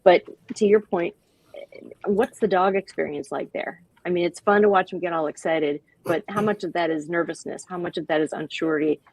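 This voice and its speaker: A woman being interviewed as the founder of a dog-park nonprofit, talking with animated enthusiasm and acting out little quoted voices. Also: on the low side, a little fast, no echo, rough recording.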